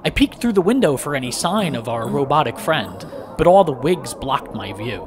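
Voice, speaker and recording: A man narrating a first-person story aloud with lively, dramatic delivery. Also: medium pitch, moderate pace, background noise. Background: background music.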